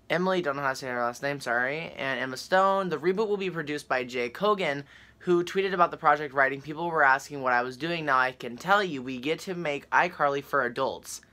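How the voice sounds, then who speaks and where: A young woman chatting casually to her viewers and reading a news article aloud, excitable and full of fillers. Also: deep voice. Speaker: vlogger.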